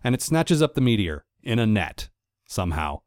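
A man's voice: lowish voice, very animated, normal speed, no room sound, studio quality. A man narrating a comedic recap of a cartoon episode, with sarcastic, wry asides. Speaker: cartoon reviewer.

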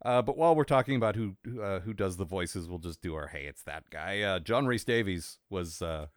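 A man with a fairly low voice that swings widely in pitch, chatting on a podcast. He rambles in a wry, easygoing way, full of fillers and restarts, recorded close and dry. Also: lively intonation, a little fast, no echo. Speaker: podcast co-host. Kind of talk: casual chat.

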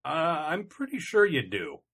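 A man's voice: a little high, wildly swooping pitch, a little slow, fairly bright tone, breathy edge. A man co-hosting a comedy podcast, chatting casually in a rambling, self-interrupting way with dry, complaining humor. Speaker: podcast co-host.

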